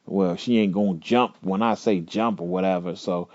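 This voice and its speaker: A man's voice: deep voice, fairly even intonation, normal speed, a little mellow, no room sound, muffled recording. Profane, blunt podcast host man. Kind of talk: casual storytelling to an audience.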